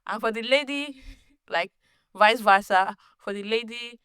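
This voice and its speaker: A woman hosting her own podcast, telling a personal story in a casual, animated way, laughing often and restarting sentences. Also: fairly high pitch, a little slow, clean tone, no echo, studio quality. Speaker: podcast host.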